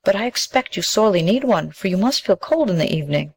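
Young village girl voiced by a woman, gentle, earnest, light raised voice. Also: mid-range voice, animated, fast talker, gravelly, slightly rough.

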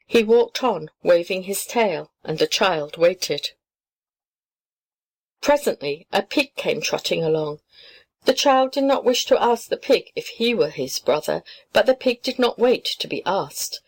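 A woman narrating a children's storybook, calm and measured. Her voice sits at an ordinary middle pitch, steady from line to line. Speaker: audiobook reader.

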